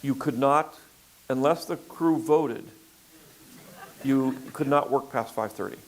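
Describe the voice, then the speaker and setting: An older man filmmaker in a relaxed interview conversation, talking in a rambling way with frequent fillers and restarts. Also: medium pitch, slow pace, a little hiss or hum, low-quality recording. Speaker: filmmaker guest.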